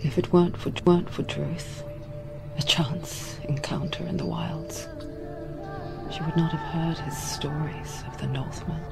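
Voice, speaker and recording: A low, flat, ominous whisper from a female storyteller in a dark video game, in a whispered role-play. She speaks slowly, and loud music swells behind her. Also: creaky.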